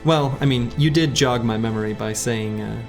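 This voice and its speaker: A man's voice: mid-range voice, moderate pace, over music. A man casually commenting on his game as he plays, thinking aloud and chatting with his viewers. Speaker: game streamer.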